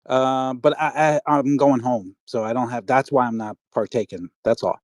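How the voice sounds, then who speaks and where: A man's voice: medium pitch, fairly even intonation, normal speed, no echo, clean studio sound. A man on a livestream panel, sheepish and apologetic, trailing off as he tries to leave. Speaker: panel guest. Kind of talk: casual livestream panel chat.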